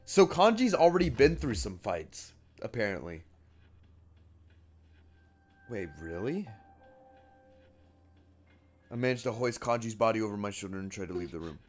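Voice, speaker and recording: A man streaming a game, reading its text aloud and thinking aloud in a halting, casual way. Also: fairly low pitch, very animated, soft background music.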